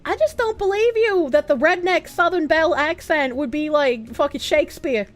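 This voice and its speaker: A woman's voice: high voice, moderate pace, faint music behind. A young woman with a Boston accent, chatting bluntly and with plenty of profanity as she reads out her stream chat. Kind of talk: casual livestream chat.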